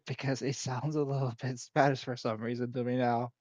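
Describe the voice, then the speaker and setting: A man's voice: mid-range voice, level tone, moderate pace, darkish tone, dry recording. A man chatting casually and jokingly while playing a video game, rambling and laughing at his own jokes. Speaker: let's play host. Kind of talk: casual gaming commentary. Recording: dull lo-fi.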